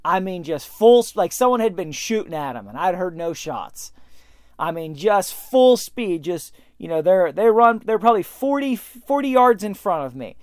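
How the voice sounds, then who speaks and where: A man hosting a podcast, telling a story in an animated way that speeds up and slows down. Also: high voice, no room sound, studio quality. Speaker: podcast host.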